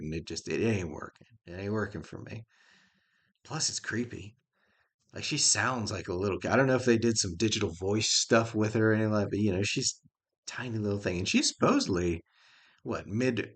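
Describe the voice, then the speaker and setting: Middle-aged guy with a lowish voice rambling through a show review, folksy, chuckles a lot. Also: fairly bright tone. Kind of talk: casual spoken review.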